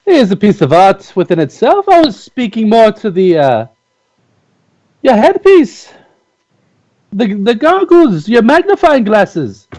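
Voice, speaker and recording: A man doing a fumbling, friendly dwarf craftsman in a put-on folksy drawl, raised a little above his own pitch. The voice swoops up and down a lot as he stammers and restarts, chatting with a fellow inventor in a tabletop game. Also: sing-song, darkish tone, poor audio. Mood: awkward. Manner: halting, many filler restarts, folksy drawl. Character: awkward, chatty male dwarf tinkerer. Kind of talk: in-character tabletop role-play.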